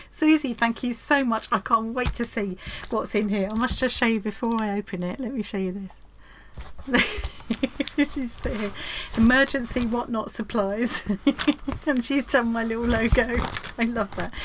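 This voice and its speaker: A woman, chatting excitedly and giggling as she unboxes a parcel in her home craft room. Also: fairly high pitch, noisy background. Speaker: craft vlogger. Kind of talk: casual unboxing chat.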